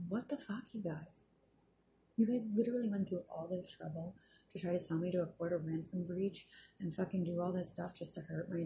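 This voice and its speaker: A woman rambles through an agitated personal vlog rant, swearing often and filling gaps with ums. Her voice sits low with a gravelly fry. The recording carries a clear hiss of background noise. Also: dark tone. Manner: agitated, profane, many fillers. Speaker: vlogger. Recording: noisy background.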